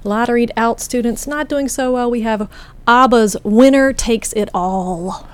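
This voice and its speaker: A woman's voice: fairly high pitch, a little slow. A woman co-hosting a podcast, chatting casually with lots of fillers. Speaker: podcast co-host. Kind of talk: casual panel discussion.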